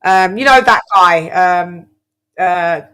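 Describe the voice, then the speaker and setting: A woman hosting a boxing chat show, talking casually in an animated, exaggerated way with lots of stammered restarts. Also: on the low side, slow pace, clean tone.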